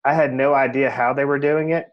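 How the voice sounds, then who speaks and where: A man's voice: medium pitch, fairly even intonation, brisk, highs cut off. Candid man telling his story. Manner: candid and self-reflective, heavy "you know" fillers. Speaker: podcast guest, real estate agent. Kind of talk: casual interview storytelling.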